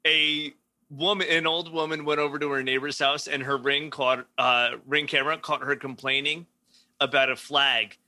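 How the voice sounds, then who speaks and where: A man with a slightly high, very bright voice chats loosely on a comedy podcast. He tells silly stories with a laugh in them and slips into little voices for the people he describes. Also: level tone. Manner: joking, storytelling with quick impressions and frequent laughs. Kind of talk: casual comedic chat.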